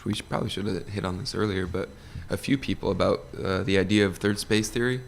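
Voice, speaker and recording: A man who manages a bar, talking as a podcast guest in a relaxed, laid-back way. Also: low voice, fast, creaky, a little hiss or hum. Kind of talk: casual conversation.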